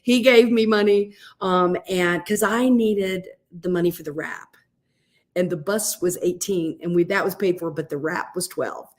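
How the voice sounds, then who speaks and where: A middle-aged woman, a guest on a podcast, telling a story in a chatty, animated way with lots of fillers. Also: fairly low pitch, measured pace. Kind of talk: casual storytelling.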